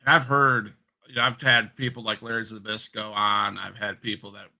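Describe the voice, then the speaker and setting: A man's voice: lowish voice, level tone, normal speed, vocal fry, sharp tone, poor audio. A man hosting an interview, asking friendly questions and often restarting mid-sentence. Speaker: interview host.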